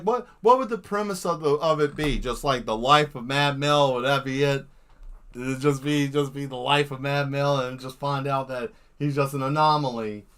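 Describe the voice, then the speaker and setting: A man chatting casually on an art livestream while he draws, spinning rambling, animated stories. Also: fairly high pitch. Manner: rambling, animated storytelling that jumps into silly voices. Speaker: livestream artist. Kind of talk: casual live-stream chat while drawing.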